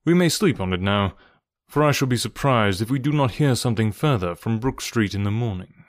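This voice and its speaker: A man voicing a calm, cerebral male detective who speaks in a measured, assured way. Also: on the low side, no room sound, clean studio sound, natural voice.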